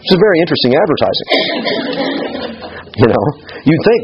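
Lively middle-aged man teaching Bible study. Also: a little high, moderate pace, pauses often, lo-fi sound, crowd noise. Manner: conversational, checks in with listeners.

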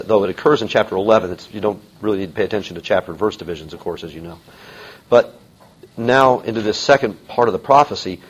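A man's voice: on the low side, slightly rough. A man teaching a Bible lecture in a conversational way, with many fillers and restarts. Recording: dull lo-fi recording.

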